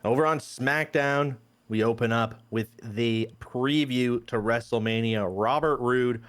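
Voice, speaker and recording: A man's voice: medium pitch, unhurried, a bit bright. Chill guy co-hosting, average voice, casual and hyped. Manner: laid-back with hype interjections. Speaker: co-host. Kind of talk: casual chat recap.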